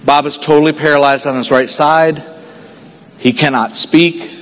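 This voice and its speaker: A man from Texas giving an earnest motivational stage speech at a sales convention, telling a story and dropping his voice quiet for the sad parts. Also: fairly high pitch, steady tone, moderate pace, slight background noise. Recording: long hall reverb.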